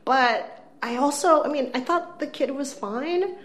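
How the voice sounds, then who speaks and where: A woman co-hosting a casual film review chat, wry and animated, poking fun at the movie. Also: sits high, a little slow. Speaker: film critic co-host.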